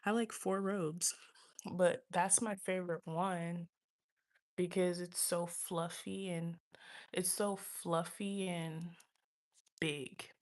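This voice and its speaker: A woman's voice: lowish voice, steady tone. A woman in her twenties casually telling a rambling, slangy story to her livestream viewers, acting out what others said and sometimes dropping into a whisper. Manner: rambling, slangy, reenacts others' lines with quick asides; drops into whispers when swearing. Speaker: livestream host.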